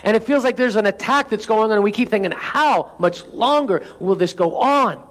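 A high-voiced man preaches from the pulpit, asking the congregation for amens between lines. He reads scripture with climbing intensity. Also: moderate pace, a bit bright. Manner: preaching with call-and-response asides. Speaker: pastor. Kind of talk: sermon.

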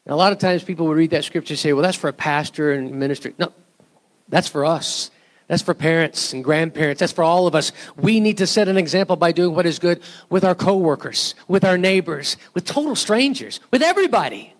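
A man preaching a sermon in a church, his voice pitched a bit higher than most men's. He talks to the congregation in a casual, conversational way and keeps asking them rhetorical questions. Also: expressive, fairly quick. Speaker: pastor.

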